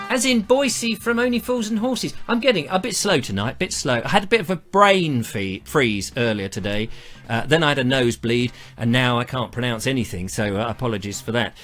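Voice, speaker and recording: A man's voice: medium pitch, animated, normal speed, a bit bright, soft background music. A man hosting a live online show, chatting casually and reading out viewer comments in a rambling, self-mocking way.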